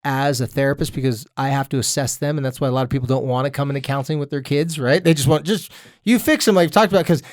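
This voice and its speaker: A man in his thirties, a therapist co-hosting a podcast, talking in a lively, jokey way and acting out quoted voices. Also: medium pitch, fast talker, no room sound, studio quality. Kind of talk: casual podcast chat.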